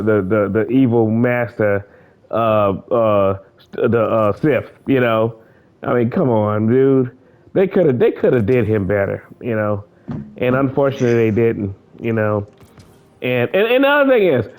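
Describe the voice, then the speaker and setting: A man chatting casually while gaming, rambling and cursing, often breaking into laughter. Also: medium pitch. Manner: animated, laughing, rambling, profane.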